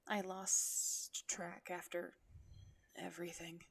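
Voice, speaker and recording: A woman voicing a shy winged scaly creature, speaking in a hushed, hesitant whisper. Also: lowish voice, flat delivery, takes it slowly, vocal fry, slightly rough, exaggerated voice. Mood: weary.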